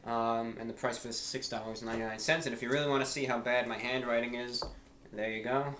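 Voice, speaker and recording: A man hosting a casual food review in a measured, formal way, a little out of breath. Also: medium pitch, fairly even intonation, a bit bright, a little hiss or hum. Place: small eating nook indoors. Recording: echoey room with faint ambience.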